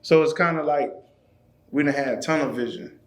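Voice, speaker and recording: A man's voice: fairly high pitch, normal speed. A man from Florida, a trainer talking earnestly and loosely as a podcast guest. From Florida, USA. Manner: earnest, loose, repeats "you know what I mean". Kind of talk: casual conversation. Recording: roomy echo.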